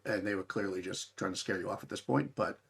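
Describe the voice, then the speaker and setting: A man's voice: deep voice, fast, gravelly, a bit bright, breathy edge. A man narrating as game master of a tabletop game, talking in a rambling way with many restarts.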